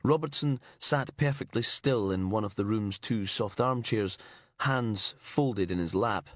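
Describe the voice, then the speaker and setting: A man narrating a crime thriller audiobook in a measured, grim storytelling manner. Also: fairly low pitch, no echo, studio quality. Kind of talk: scripted narration.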